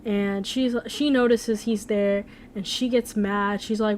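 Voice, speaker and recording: A woman's voice: mid-range voice, steady tone, slow pace, few pauses, darkish tone, a little hiss or hum. Rambling young woman streamer. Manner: rambling, full of "like" and "um". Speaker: streamer, animator. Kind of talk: casual live-stream chat.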